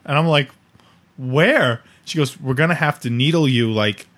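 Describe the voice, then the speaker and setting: A man's voice: mid-range voice, a little fast. A man hosting a podcast, telling an embarrassing story in casual comedic style and acting out everyone's lines. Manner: animated, laughing storyteller acting out dialogue. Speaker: podcast host.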